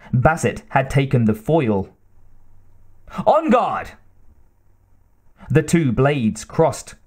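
A man reading an audiobook aloud in expressive, measured narration. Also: mid-range voice. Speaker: audiobook reader. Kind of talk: scripted narration.

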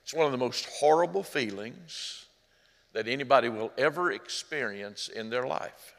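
A male pastor preaching a sermon in a church, speaking earnestly, rising loud on quoted cries and dropping low and hushed at tender moments. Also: animated, moderate pace, gravelly. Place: church sanctuary. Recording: long hall reverb.

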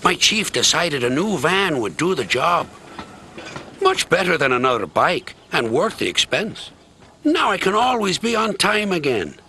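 A man's voice: a little high, sing-song, unhurried, bright, forceful tone, slight background noise, voice pushed up, full character voice. A man playing a friendly, cheerful middle-aged male postman in a TV story, speaking in a homely, good-natured way over music.

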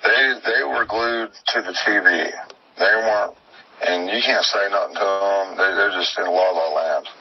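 A man speaking in a rambling, plainspoken, halting way as he answers interview questions. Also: low-pitched, husky. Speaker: interviewee, missing girl's father. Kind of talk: recorded phone interview. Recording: dull, distant phone-like recording with faint noise.

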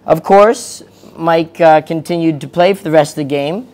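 Male eulogy speaker, slightly high voice, casual delivery read from notes, lots of fillers. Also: normal speed, darkish tone. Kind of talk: memorial eulogy.

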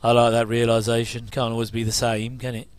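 A middle-aged man hosts a casual watch-along, tossing out chatty, jokey asides and chuckles over a TV episode. His mid-range voice is smooth, monotone and a little fast, with no room sound.

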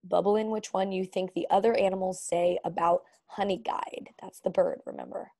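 A woman teacher reads a storybook aloud to her students and then goes through quiz questions with them. She voices the sound words with expression. Her voice is gravelly and husky, at a middle pitch. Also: fairly even intonation, moderate pace, warm tone.

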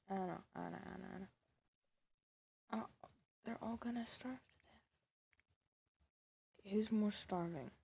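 A gaming video creator offers casual, sarcastic commentary over a life-sim game, scolding the characters and often dropping to a whisper. Her medium-pitched voice is creaky, warm, and husky.

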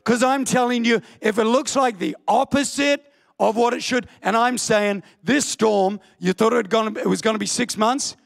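A man preaching an impassioned sermon in church, often bursting into shouts. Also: extremely high pitch, moderate pace, creaky. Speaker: pastor. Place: church hall.

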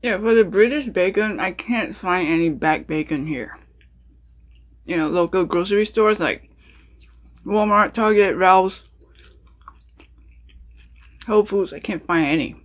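Speaking a bit slowly and pausing often, this woman has a voice on the low side. She's a food vlogger casually talking viewers through cooking and eating breakfast, with plenty of ums and uhs and direct questions to her audience, while faint music plays behind her in this mukbang-style chat.

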